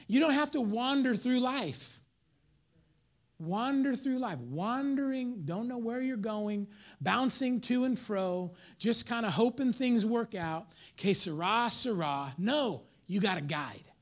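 A man preaching a sermon as pastor, swinging between loud emphatic lines and hushed whispers while acting out members of the congregation. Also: very high-pitched, animated, takes it slowly.

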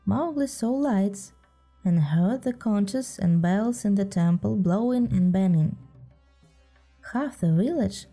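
A woman reads a story aloud in a gentle, measured way. Her voice is very mellow and slow, with faint music playing underneath. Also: medium pitch. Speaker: narrator. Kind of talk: storybook reading.

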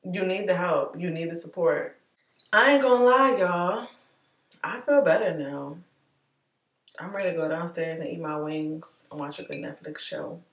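A woman vlogger talking candidly and warmly to her viewers, chatty and heartfelt, calling them y'all. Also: on the low side, steady tone, moderate pace, echoey room, recorded from a distance. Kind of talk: candid personal vlog talk.

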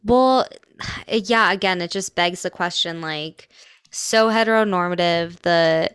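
A young woman co-hosts a podcast and recaps an episode with sarcastic, opinionated asides. Her voice sounds smooth and a little low. The recording is dry and close. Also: slow pace, fairly bright tone, no room sound. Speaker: podcast co-host. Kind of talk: casual chat recapping a TV episode.

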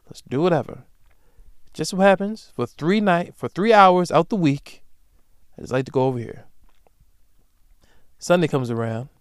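A man's voice: fairly high pitch, moderate pace, pauses often, clean tone, no echo. Young male podcast host, emphatic profane rant, resonant voice, dry close mic. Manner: emphatic, profane, with loud animated bursts. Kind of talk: solo comedic podcast rant.

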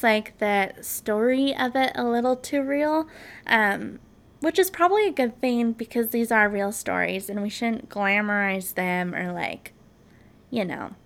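A woman with a slightly high voice talks through a true crime case in a relaxed, chatty way. She peppers her storytelling with ums and likes and slips into little acted-out quotes. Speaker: true crime podcast host. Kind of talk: casual storytelling.

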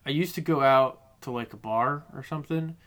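Male podcast host, bright tone, easygoing rambling chat. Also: medium pitch, normal speed. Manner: laid-back, rambling with fillers. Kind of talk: casual chat.

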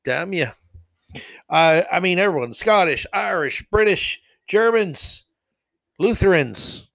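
A man hosting a solo opinion podcast, sarcastic and mocking, swinging from low mutters to loud jabs. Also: lively intonation, slow, gravelly, dry recording. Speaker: podcast host.

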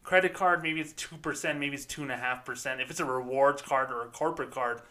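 A man's voice: mid-range voice, fast, bright, forceful tone. A man hosting a podcast, ranting sarcastically and with profanity about banking, speaking as a former bank employee. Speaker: podcast host. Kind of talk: ranting commentary.

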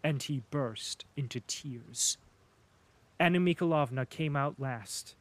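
A man narrating a classic novel as an audiobook in a measured, even reading. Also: mid-range voice, low-quality recording.

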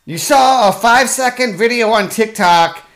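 Rambling and restarting, a podcast host delivers a sarcastic, profanity-laced solo comedic monologue at a moderate pace. The voice is medium in pitch and a bit bright, and it keeps sliding into mocking voices between fillers.

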